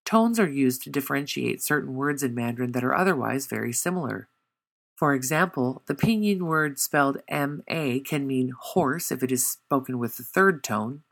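A narrator reading a scripted pronunciation tutorial in a measured way, slowing down to demonstrate each sound. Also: medium pitch, gravelly, fairly bright tone. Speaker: language tutor.

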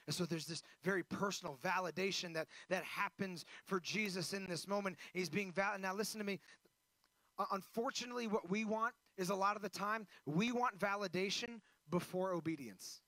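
A man preaching a sermon as pastor, swinging between loud emphasis and hushed, intense passages. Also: high-pitched, brisk, no room sound.

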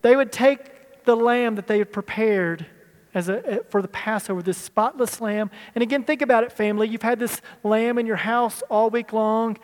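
Guy w a really high voice doing a chatty bible lesson w slides, big echoey hall. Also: moderate pace. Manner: conversational, explaining and asking the room. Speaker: pastor. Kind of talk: teaching sermon with slides. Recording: long hall reverb.

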